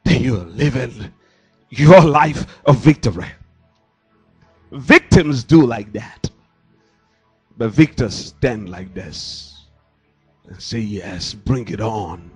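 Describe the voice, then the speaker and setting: Male pastor, sermon delivery, husky timbre, animated pitch, handheld mic. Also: takes it slowly, long pauses, soft background music. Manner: emphatic preaching with rhetorical questions. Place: church. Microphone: handheld microphone.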